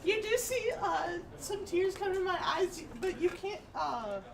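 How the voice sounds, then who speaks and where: A woman playing a character at a game table, hesitant and soft-spoken. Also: very high voice, expressive, unhurried, creaky. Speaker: player. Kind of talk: casual role-play at a game table. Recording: roomy distant mic over crowd chatter.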